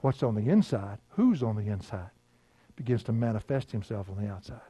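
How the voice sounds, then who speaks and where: An older man, preaching a sermon in a folksy storytelling way, laughing often and dropping to a hush. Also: fairly low pitch, lively intonation, brisk, slightly rough, no echo. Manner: folksy storytelling, laughing, swings from loud to hushed. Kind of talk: sermon with personal stories.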